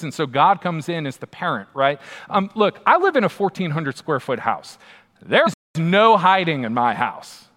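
Pastor, male, conversational sermon delivery, emphatic asides, slightly high voice, long hall reverb. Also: a bit bright.

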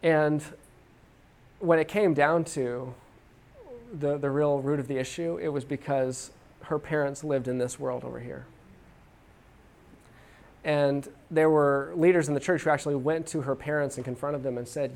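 Man, from Texas, church class teacher, folksy storytelling, frequent restarts, slightly high voice. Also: fairly even intonation, normal speed, creaky, long pauses, a little mellow. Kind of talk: conversational teaching talk with stories.

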